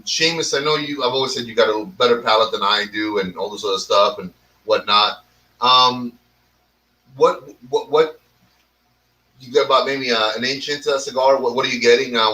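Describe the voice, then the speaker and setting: A man hosts a laid-back talk show, drifting between topics, ribbing his friends and swearing freely. His voice is bright and sits a little back from the microphone. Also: medium pitch, recorded from a distance, poor audio. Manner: rambling, teasing, swears freely. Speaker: host of a cigar talk show. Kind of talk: casual chat.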